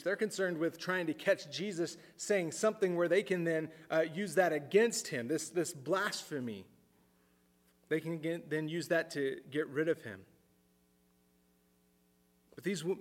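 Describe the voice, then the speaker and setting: A man preaching a sermon in an earnest way, repeating words as he thinks aloud and dropping his voice low for emphasis. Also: in a large hall. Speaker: pastor.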